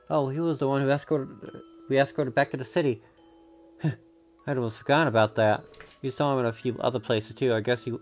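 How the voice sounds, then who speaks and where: Man reading game dialogue aloud. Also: medium pitch. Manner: reads lines aloud with frequent self-corrections.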